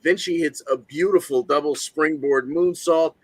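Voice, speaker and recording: A man's voice: on the high side, moderate pace, dry recording. A man co-hosting a wrestling podcast, recapping matches in a matter-of-fact way. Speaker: podcast co-host. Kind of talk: casual wrestling podcast chat.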